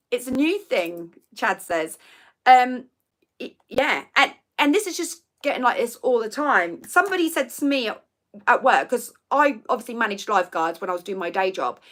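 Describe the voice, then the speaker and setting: Lively chatty woman. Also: a little high. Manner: chatty storytelling with laughs and asides. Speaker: YouTube livestream host. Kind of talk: casual chat.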